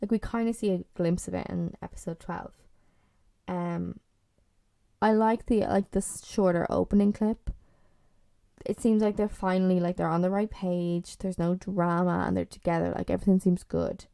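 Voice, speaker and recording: Woman with a low, gravelly voice. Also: steady tone, normal speed, dark tone, no echo. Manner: swears freely, lots of "like" and "um", blunt and opinionated. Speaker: podcast host. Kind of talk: casual solo chat reviewing a TV series.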